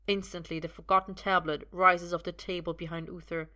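A woman narrates a dramatic story in a steady, measured voice. Her tone is bright and crisp, pitched somewhat low. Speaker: audiobook narrator. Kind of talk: dramatic fan-fiction reading.

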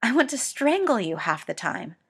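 A woman voicing a composed older man who speaks softly and evenly in a story reading. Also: very animated, vocal fry, husky, exaggerated voice. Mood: tender. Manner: soft, low and measured. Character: composed older man, calm and quietly intense.

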